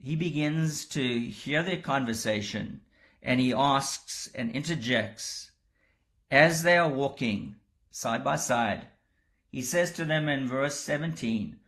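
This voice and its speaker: Man, preacher, sermon, slow deliberate pace, mid pitch, expressive rises for quoted characters. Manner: slow, measured delivery that rises when voicing the disciples' astonishment.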